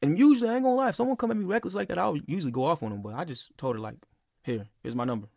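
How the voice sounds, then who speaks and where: A man's voice: fairly high pitch, racing, gravelly, darkish tone, dry recording, studio quality. A young man telling a personal story in a casual, rambling and heated way, with lots of "bro" and "like.". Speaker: podcast speaker.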